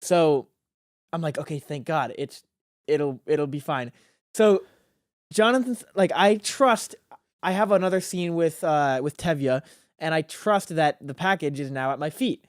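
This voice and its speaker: A man's voice: on the high side, measured pace, dry recording, clean studio sound. A teenage man, a podcast guest, telling a rambling story in casual chat with plenty of filler words. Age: teens.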